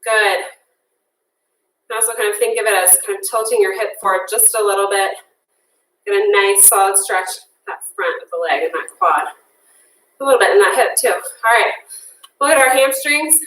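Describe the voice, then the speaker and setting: A woman's voice: medium pitch, moderate pace, long pauses, fairly bright tone. A woman fitness instructor, leading a workout class casually and encouragingly while out of breath. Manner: encouraging, casual, counts down reps. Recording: echoey room, mic at a distance.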